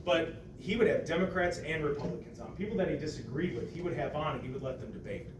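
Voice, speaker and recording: A man from Ohio chatting casually, telling stories with lively acted-out quotes and casual swearing. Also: fairly high pitch, fast. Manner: animated storyteller, acts out quotes loudly, swears casually. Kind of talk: casual podcast chat. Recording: echoey room, mic at a distance, background noise.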